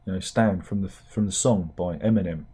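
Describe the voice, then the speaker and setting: Low, husky-voiced British man riffing on news. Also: fairly quick, warm tone. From United Kingdom. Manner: rambling, wry, talks to himself with fillers and restarts. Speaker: satirical news show host. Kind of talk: casual comic news commentary.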